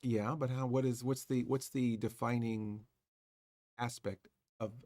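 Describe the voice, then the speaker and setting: Gravelly male horror host, casual, halting livestream banter. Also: mid-range voice, steady tone, dark tone, no echo, studio quality. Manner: rambling, searching for words. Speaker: horror movie show host.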